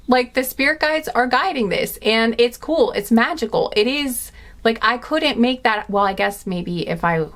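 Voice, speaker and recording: A woman giving a pick-a-card tarot reading, chatty and emphatic, with many fillers and quick apologies. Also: medium pitch. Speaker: tarot reader.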